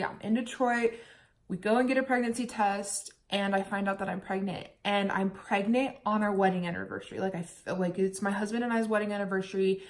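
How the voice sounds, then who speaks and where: A woman's voice: mid-range voice, steady tone, fairly quick. A young woman from the United States telling her own story in a candid, chatty vlog, at times holding back tears. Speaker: vlogger.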